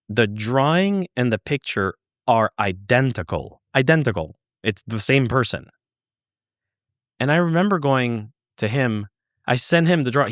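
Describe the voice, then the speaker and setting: A man telling a story as a podcast guest, animated, swearing and repeating words for emphasis. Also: mid-range voice, no echo, clean studio sound. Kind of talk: casual storytelling.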